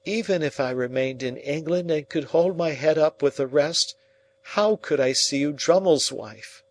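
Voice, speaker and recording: A man's voice: fairly high pitch, unhurried, pitched above the performer's own voice, close to an everyday voice. A man reading the part of an anguished young man pleading with the woman he loves, in a storybook reading. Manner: pleading, earnest, emotional.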